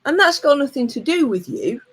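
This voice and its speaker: Lively woman coach, higher voice. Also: fairly quick. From United Kingdom. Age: 40s. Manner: lively, plain-spoken storyteller with frank swearing. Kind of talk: motivational talk to camera.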